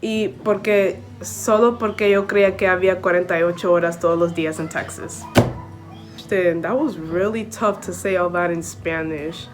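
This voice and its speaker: A young woman telling a story-time vlog in a loose, chatty way, peppering her talk with "like" and "okay?" and flipping between English and Spanish. Faint music sits quietly under her voice. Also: lowish voice, steady tone, normal speed. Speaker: vlogger. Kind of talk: casual story-time chat to camera.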